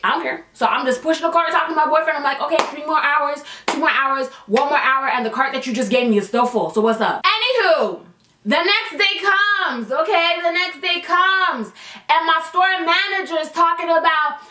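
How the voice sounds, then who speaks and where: A young woman telling a casual storytime, fast-talking, blunt and profane. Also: sits high, expressive, sharp tone, distant mic. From Canada. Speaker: vlogger. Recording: echoey room, voice away from the mic.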